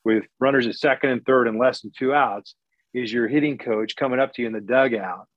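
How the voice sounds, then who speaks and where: A middle-aged man who used to broadcast baseball, talking candidly and bluntly as an interview guest, with sarcastic asides and many quick restarts. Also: mid-range voice, dry recording. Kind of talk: casual interview talk. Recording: dry, slightly dull lo-fi recording.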